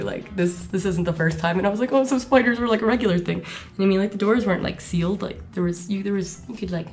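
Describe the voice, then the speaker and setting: A young American woman telling a travel story to camera in a chatty, animated way, full of "like" and acted-out quotes. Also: fairly low pitch. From United States. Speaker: travel vlogger. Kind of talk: casual storytelling vlog.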